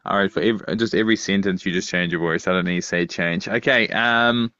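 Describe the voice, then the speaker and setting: A man with a lowish voice hosting a podcast, prompting his co-host and giggling. The sound is dry and a little dull, close on the mic. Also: fairly quick, bright, forceful tone, dry recording. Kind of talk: improv game on a podcast.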